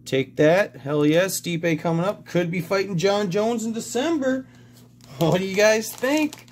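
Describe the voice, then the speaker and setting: A man's voice: sits high, a little slow, a little hiss or hum. A man hosting a casual card-opening vlog, agitated and rambling, swearing constantly. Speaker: sports card collector vlogger.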